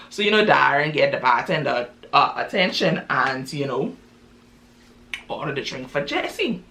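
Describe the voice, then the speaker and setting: A woman's voice: deep voice, animated, normal speed, fairly bright tone, slight background noise. Lady spinning a yarn, voice bouncing all over, lots of you know and right. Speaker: storyteller. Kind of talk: casual oral storytelling.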